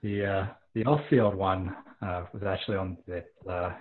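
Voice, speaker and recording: Guest, man, low and husky, hesitant, over a tinny call line. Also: fairly even intonation, moderate pace. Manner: hesitant, many fillers. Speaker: guest, club member. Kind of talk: casual podcast interview.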